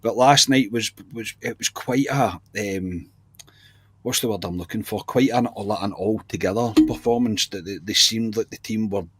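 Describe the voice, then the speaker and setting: A man's voice: fairly low pitch, moderate pace, husky. A man chatting casually about football on a podcast, often calling the others mate. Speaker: podcast regular.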